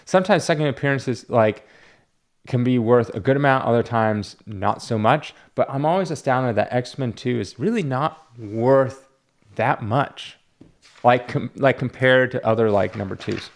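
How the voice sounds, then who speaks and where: A man with a mid-pitched voice that keeps dropping into a gravelly fry. He rambles casually and half to himself as a comic book dealer. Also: measured pace. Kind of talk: casual unboxing chat.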